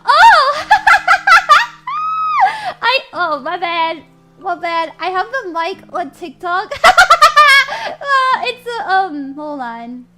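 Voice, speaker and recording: A woman's voice: very high voice, big pitch swings, drawn-out words, over loud music. A young woman reading tarot on a live stream in a bubbly, giggly put-on voice, often flustered and apologetic. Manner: bubbly, giggly, flustered while fixing audio.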